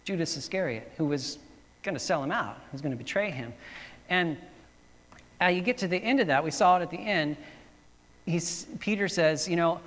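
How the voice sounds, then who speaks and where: A man's voice: on the high side, normal speed, pauses often, a bit bright, long reverb tail. A man preaching a sermon as pastor, telling stories in a casual way with many fillers and restarts.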